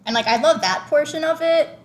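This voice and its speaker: A higher-pitched woman chatting casually as a podcast co-host. She gushes, strings along fillers, and jumps into excited squeals. A faint hiss sits under her voice. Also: fairly quick. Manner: chatty and gushing, many "like" fillers; bursts of excited high squeals. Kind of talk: casual chat.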